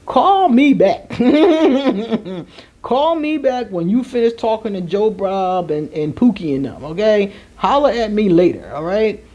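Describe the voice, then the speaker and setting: Animated woman telling a story. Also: medium pitch, normal speed, hardly any pauses, lo-fi sound. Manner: animated, laughing, slangy asides. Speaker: astrology vlogger. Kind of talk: candid storytelling chat to viewers.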